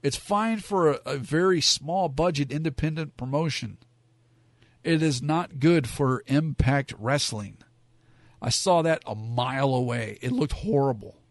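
A man's voice: a little high, unhurried, no room sound. A man giving frank, rambling opinions in a casual monologue, full of fillers and asides. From Southern California. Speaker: wrestling commentator.

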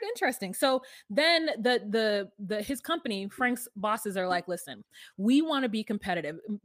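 A woman co-hosting a podcast, casually retelling a story with animated, jokey quotes of the people in it. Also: medium pitch, no room sound, studio quality. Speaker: podcast co-host.

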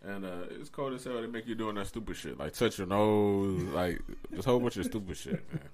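A man's voice: on the low side, lively intonation, a little fast, darkish tone. A man chatting casually with a friend, laid-back, laughing along and telling his own short story. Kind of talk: casual chat.

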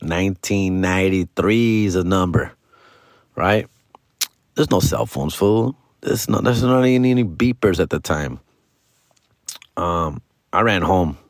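A man's voice: low-pitched, dry recording, studio quality. A middle-aged man casually telling a story on a podcast, full of slang and Spanish words mixed into his English. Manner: slangy, mixes Spanish into English, calls listener fool and dog.

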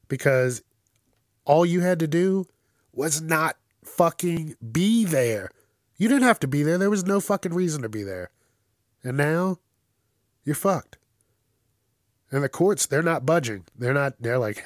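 A man's voice: a little high, expressive, unhurried, pauses often, no room sound, studio quality. A man hosting a casual news commentary show, blunt and crude, swearing constantly and ranting in bursts.

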